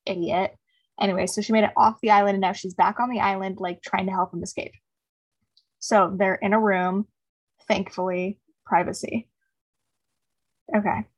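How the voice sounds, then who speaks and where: A woman's voice: medium pitch, fairly even intonation, normal speed, long pauses, dull audio. A woman co-hosting a casual book-club podcast. She gushes and reads passages aloud with feeling. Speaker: podcast co-host.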